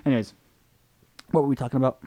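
A man's voice: medium pitch, steady tone, fast talker, dark tone. A man in casual chat, a game master talking about his games in a hesitant, rambling way with many restarts.

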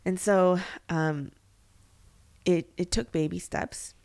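A young woman with a fairly low voice talks in a candid, reflective way on a faith podcast. She thinks aloud and fills her sentences with "like" and "um." Her tone is earnest and personal. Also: steady tone, slow, creaky, darkish tone. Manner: earnest, reflective, many fillers and restarts. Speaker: podcast co-host.

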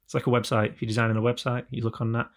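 Gravelly, chatty man. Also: mid-range voice, flat delivery, rapid-fire. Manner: chatty, swears, mimics announcer voices. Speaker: podcast host. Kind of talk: casual podcast chat.

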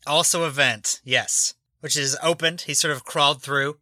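A man's voice: a little high, fairly even intonation, normal speed, bright, forceful tone, no echo. A man narrating a tabletop game as game master, laid-back and often laughing as he describes scenes.

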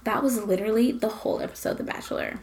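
A woman's voice: medium pitch, wildly swooping pitch, racing, vocal fry, a little mellow. A young woman co-hosting a podcast, telling stories animatedly in casual gossip chat and swearing freely. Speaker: podcast co-host.

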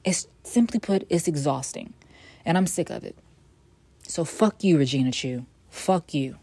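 A woman hosting her own podcast in a casual solo monologue, blunt and profane, swinging from weary sighs to sassy loud outbursts. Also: low voice, lively intonation, measured pace. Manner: blunt, profane and emphatic, with sudden loud bursts. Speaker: podcast host.

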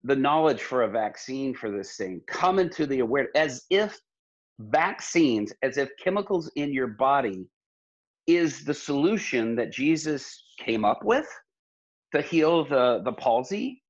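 Male pastor, impassioned preacherly storyteller, husky timbre, muffled lo-fi audio. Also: mid-range voice, big pitch swings, a little slow. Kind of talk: earnest conversational storytelling.

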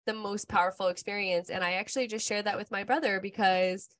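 A woman in her thirties talking casually as a podcast co-host. She tells personal stories in a candid, rambling way, often leaning on "like". Her voice sits at a middling pitch. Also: steady tone, fairly quick, a bit bright, no echo, studio quality. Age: 30s. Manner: candid, rambling storytelling with frequent "like". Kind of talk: casual chat.

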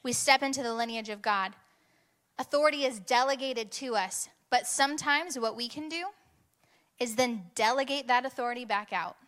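A young woman delivers a sermon built around a personal story, speaking animatedly and building to bursts of intensity. Her voice is a little high and her pace is normal.

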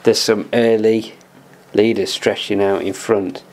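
Chill podcast host guy, lower voice, keeps things moving. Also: flat delivery, darkish tone. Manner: brisk, moves the show along. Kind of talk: casual podcast chat.

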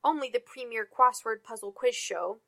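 A woman voicing a fussy, excitable male computer nerd, speaking in a prim, eager way. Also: fairly high pitch, normal speed, gravelly.

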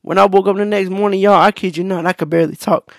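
A man talks loosely into his own podcast, full of slang, fillers and restarts. His voice sits a little high with a gravelly rasp. The recording is dry and close. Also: fairly even intonation, fast talker, dry recording. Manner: laid-back, slangy, many fillers and restarts. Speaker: podcast host. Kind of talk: casual storytelling monologue.

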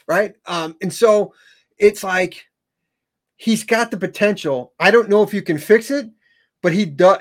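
A man co-hosting a sports talk show, speaking in casual, animated chat. He tags his points with "right?" and repeats and restarts words. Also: high voice.

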